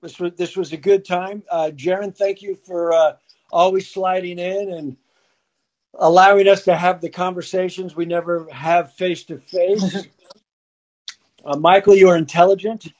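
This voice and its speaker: A man's voice: high-pitched, fairly even intonation, unhurried, darkish tone. A man hosting a casual call-in podcast, telling a long joke in a playful, rambling way. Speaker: podcast host. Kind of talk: casual chat and storytelling.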